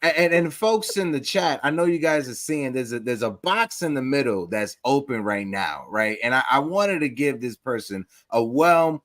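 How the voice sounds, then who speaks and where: A man's voice: mid-range voice, animated, normal speed, few pauses, a bit bright, no echo, clean studio sound. A man hosting a casual sports talk show, upbeat, often stumbling and repeating words as he talks. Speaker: host.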